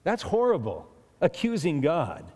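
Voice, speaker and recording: A man's voice: on the high side, wildly swooping pitch, a little slow, darkish tone. A man preaching a sermon in a chatty way, often restarting and chuckling between points. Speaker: pastor. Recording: long hall reverb.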